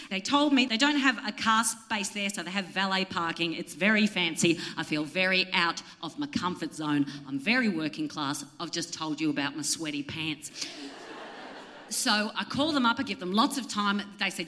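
A woman's voice: mid-range voice, fairly quick, a bit bright. An Australian woman co-hosting a comedy show, telling an exasperated stand-up story on stage with wild swings in her voice. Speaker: comedian co-host. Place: theatre stage before a live audience. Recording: live theatre with long reverb.

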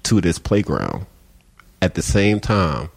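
On a city street outdoors, a man with a Philadelphia accent, the founder of a community organization, tells stories in a casual interview. His voice is low, slow and gravelly, and he animatedly acts out the voices of the people he quotes.

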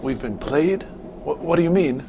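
A man's voice: animated, measured pace, vocal fry, noisy background. A man voicing a half-crazed, frightened man who stammers and repeats himself in a tabletop game. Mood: panicked. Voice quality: stammering, breathless and high. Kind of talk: tabletop role-play.

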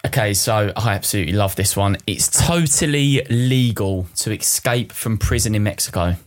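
A man's voice: fairly low pitch, moderate pace. A man, co-hosting a podcast in casual, enthusiastic chat. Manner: enthusiastic, animated storytelling. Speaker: podcast co-host.

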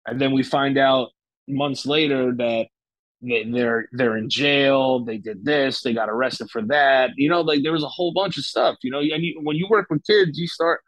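A young man talks through a personal story in an easy, rambling way, restarting sentences and swearing freely. His voice is of average pitch and sits dry and close to the mic. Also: steady tone, moderate pace, fairly bright tone, no echo, low-quality recording. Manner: loose, profane, lots of fillers and restarts. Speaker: guest. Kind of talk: casual storytelling.

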